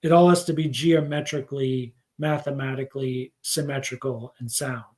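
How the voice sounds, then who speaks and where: A man's voice: mid-range voice, fairly even intonation, normal speed, darkish tone. A man teaching scripture in a casual livestream lesson, rambling and thinking aloud with many fillers. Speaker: spiritual teacher.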